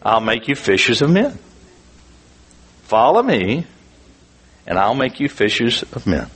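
Man preaching a sermon with earnest testimony; husky tone, very expressive pitch. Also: a little slow. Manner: earnest, animated storytelling with frequent restarts.

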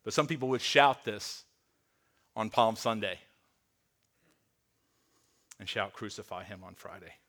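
Bright-voiced man preaching earnestly. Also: fairly low pitch. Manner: earnest, slows and drops softly on key words; repeats words while restarting. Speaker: pastor. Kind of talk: sermon.

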